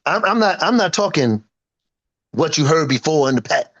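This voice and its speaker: Fifties guy in a casual interview, boastful and emphatic, slightly high voice. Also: expressive, moderate pace, fairly bright tone, highs cut off. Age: 50s. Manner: emphatic, boastful, acts out quoted friends. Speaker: interview guest, singer and producer. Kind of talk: animated casual interview talk.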